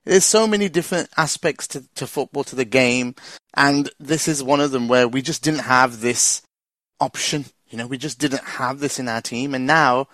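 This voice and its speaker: A man's voice: mid-range voice, moderate pace, a bit bright, no echo. A man with a Liverpool accent hosting a casual fan chat, enthusiastic and repeating himself. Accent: Liverpool English. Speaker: host.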